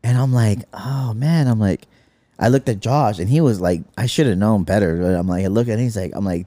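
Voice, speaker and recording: A man's voice: fairly low pitch, a little fast, mellow. A man co-hosting a podcast, rambling through anecdotes full of swearing and "I'm like.". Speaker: podcast co-host. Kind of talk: casual profane chat.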